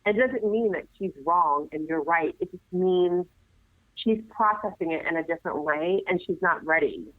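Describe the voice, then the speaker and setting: A woman, a nurse guest, giving earnest, animated advice in conversation, often restarting her sentences. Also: lowish voice, normal speed, no echo. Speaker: nurse and assisted living administrator, guest. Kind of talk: conversational interview. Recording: tinny phone line, dry.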